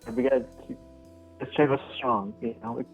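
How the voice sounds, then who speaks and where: A man calling in to a stream as a fan, talking in a halting, earnest and emotional way. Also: mid-range voice, fairly even intonation, soft background music. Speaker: caller, fan. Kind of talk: casual call-in chat. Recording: tinny phone line.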